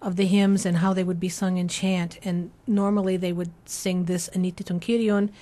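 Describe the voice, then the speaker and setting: A woman's voice: on the low side, little pitch movement, moderate pace, dark tone. Teacherly woman explaining sacred chant. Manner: careful, teacherly, breaks into short chanted phrases. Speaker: church chant composer and translator. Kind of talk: explanatory interview talk with sung examples.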